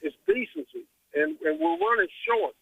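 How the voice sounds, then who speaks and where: A man's voice: very high voice, big pitch swings, normal speed, creaky, slightly rough, dry recording. A man calling into a radio show, talking emphatically and repeating his points over a phone line. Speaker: caller. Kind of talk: call-in radio talk.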